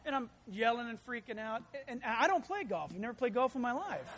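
A pastor preaching a verse-by-verse Bible study sermon, with animated storytelling and humorous asides. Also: mid-range voice, brisk, big-room sound, a little hiss or hum. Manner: acts out quoted voices.

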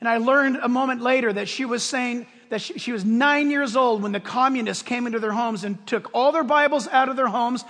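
High-voiced impassioned male preacher. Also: fairly quick, few pauses. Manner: impassioned, emphatic preaching with shouted peaks. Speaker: pastor. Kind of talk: sermon. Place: church sanctuary with congregation. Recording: long hall reverb.

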